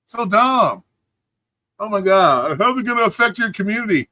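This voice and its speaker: A man's voice: high-pitched, expressive, moderate pace, sharp tone, dry recording. A man hosting a livestream, ranting in a profane, mocking way and talking back to chat. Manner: profane, mocking, mimics people in a whiny voice. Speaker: livestream host.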